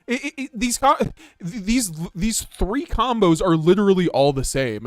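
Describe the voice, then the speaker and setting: A man's voice: high voice, lively intonation, normal speed, no echo, clean studio sound. Rambling casual male card game streamer. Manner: rambling, casual, frequent restarts and chuckles. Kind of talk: live-stream gameplay commentary.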